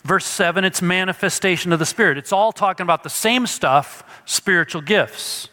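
A man's voice: sits high, moderate pace, pushed and bright, big-room sound. A male pastor preaching an expository sermon, emphatic and teaching through rhetorical questions.

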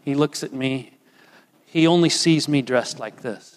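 An older man preaching a sermon as pastor, slow and deliberate with emphatic pauses. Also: medium pitch. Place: church sanctuary. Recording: long reverb of a church hall.

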